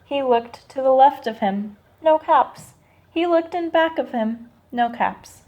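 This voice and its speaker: A woman teacher reading a picture book aloud to children, slow and expressive, stopping to ask them questions. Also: high voice, muffled recording.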